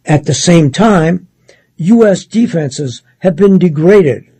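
Slow, husky man reading the news. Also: a little high, dry recording, rough recording. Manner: measured, steady read with occasional self-corrections. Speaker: news article reader. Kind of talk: reading a news article aloud.

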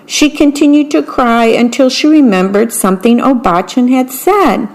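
A woman reading a picture book aloud, slowly and carefully, pausing to describe the pictures. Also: on the high side. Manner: slow, careful, describes the pictures between passages. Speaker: storyteller.

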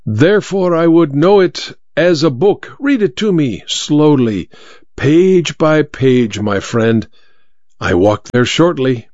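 A man's voice: on the high side, lively intonation, slow, a little mellow, no room sound. A man voicing a grand, sly blind male stage magician who talks in a theatrical, grandiose, teasing way, on a dull lo-fi recording. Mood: commanding.

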